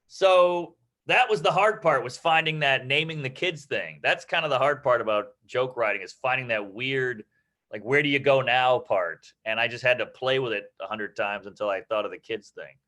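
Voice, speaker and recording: A man's voice: mid-range voice, normal speed, sharp tone. A man chatting loosely about writing jokes, rambling and swearing, acting out little quoted voices as he goes. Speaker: comedy teacher. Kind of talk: casual comedy-writing chat.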